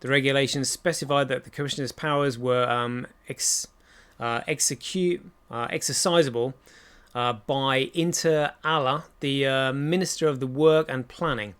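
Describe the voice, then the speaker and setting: A man hosting a casual chat, agreeable, reading a passage aloud haltingly with many fillers. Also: medium pitch, steady tone, a bit bright, clean tone.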